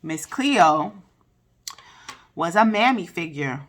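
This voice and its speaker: A woman's voice: mid-range voice, big pitch swings, takes it slowly. A woman reviewing a documentary in a casual vlog, talking candidly with plenty of swearing and side tangents. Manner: candid, profane, digressive. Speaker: video reviewer.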